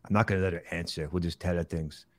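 A man playing a gruff, touchy action-movie star who hosts a comedy talk show, mumbling and blustery. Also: sits low, fairly even intonation, darkish tone, no echo, lightly acted. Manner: mumbling, blustery, quick to anger. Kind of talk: comedic celebrity impression sketch.

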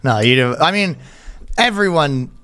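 A man's voice: a little high, expressive, a little slow, bright, forceful tone, clear, resonant tone, dry recording. A man co-hosting a podcast in crude, jokey casual chat, laughing often and slipping into mocking voices. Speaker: podcast co-host.

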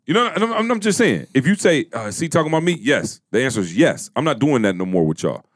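A man's voice: medium pitch, big pitch swings, no echo, clean studio sound. A man co-hosting a podcast, talking bluntly and emphatically in casual chat. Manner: blunt, emphatic, says it slow. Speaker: podcast co-host.

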